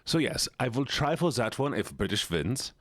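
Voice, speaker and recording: A man's voice: mid-range voice, big pitch swings, normal speed, fairly bright tone, no echo, clean studio sound. A man streaming live, chatting casually and teasingly with his viewers. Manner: playful, teasing, talks straight to chat.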